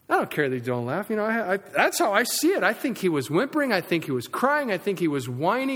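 A man preaching a sermon in a church sanctuary, swinging between loud emphasis and quiet asides. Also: a little high, very animated, fairly quick. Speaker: pastor. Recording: long reverb of a large sanctuary.

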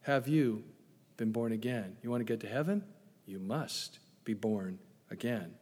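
Pastor preaching in an echoing hall. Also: male voice, fairly low pitch, unhurried. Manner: animated, playful asides with sudden hushed drops. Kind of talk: sermon. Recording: long echo of a large hall.

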